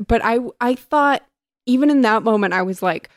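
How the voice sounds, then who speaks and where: A woman co-hosting a podcast, animated and swearing freely while discussing a book. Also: a little high, normal speed, no room sound, clean studio sound.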